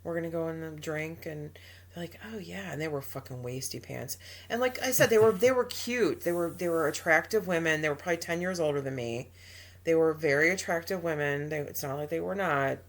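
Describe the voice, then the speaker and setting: A woman's voice: sits low, fairly quick. A woman co-hosting an advice podcast in casual chat, talking emphatically with trailing restarts and acted-out quotes. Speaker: podcast co-host.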